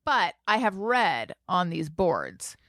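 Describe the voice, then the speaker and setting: A woman co-hosting a podcast in casual chat, animated and quick with jokes. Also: on the low side, no echo, clean studio sound. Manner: animated, laughing, quick asides. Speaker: podcast co-host.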